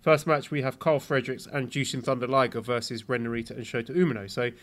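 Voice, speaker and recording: A man with a mid-range voice hosts a podcast segment. He reads listener questions aloud at a steady, casual pace and hands them to his co-host. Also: mid-range voice, fast talker.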